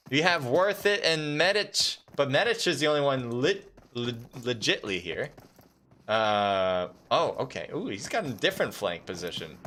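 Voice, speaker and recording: A man doing live esports commentary on a mobile battle royale match, calm and explanatory, with loud excited bursts at big plays. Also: mid-range voice, normal speed, a little hiss or hum. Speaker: esports caster.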